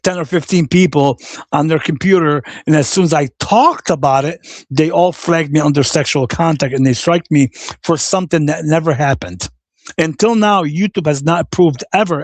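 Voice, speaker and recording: A man's voice: fairly high pitch, dry recording. A man hosting a livestream, ranting angrily and cursing, repeating his insults and reading viewer comments aloud. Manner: profane and combative, repeats insults. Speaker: livestream host. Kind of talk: angry livestream rant.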